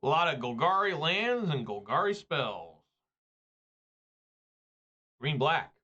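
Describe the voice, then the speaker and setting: Bright-toned rambling man. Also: fairly high pitch, sing-song, takes it slowly, highs cut off. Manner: rambling, joking, chatty. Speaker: gaming video creator. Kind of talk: casual gameplay commentary.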